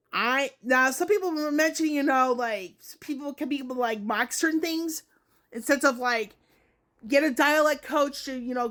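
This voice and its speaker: A woman's voice: high voice, a bit bright. A woman giving her opinions in a casual gaming vlog, talking in a rambling way and correcting herself often. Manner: rambling, self-correcting, many hedging asides. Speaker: gaming vlogger.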